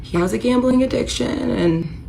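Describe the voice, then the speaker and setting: A woman's voice: fairly high pitch, moderate pace, vocal fry, a little hiss or hum, rough recording. An American woman in her thirties telling an emotional personal story in a confessional storytime style. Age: 30s. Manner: emotional, rising to near-shouting when retelling the confrontation.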